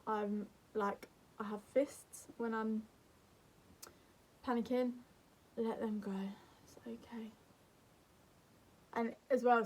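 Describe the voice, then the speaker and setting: A young woman speaks to camera in a gentle, earnest way. Her voice sits a little high, and she keeps a calm, soothing tone as she gives advice. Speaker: mental health vlogger.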